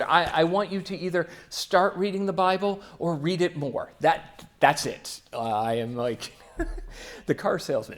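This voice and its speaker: Chatty young man giving a casual sermon. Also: sits high. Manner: chatty, with fillers and quick asides. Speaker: church speaker.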